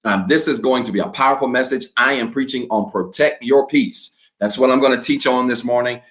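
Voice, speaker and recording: A man preaching as pastor on a livestream, talking straight to his viewers, then reading a declaration slowly and deliberately. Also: medium pitch. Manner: energetic, talks to viewers directly; slow, measured reading of a declaration. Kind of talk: livestreamed sermon.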